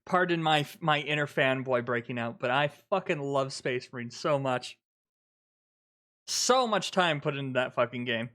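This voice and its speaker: A man streaming live, reacting to a trailer with excited, swear-filled gushing like a fanboy. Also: mid-range voice, normal speed.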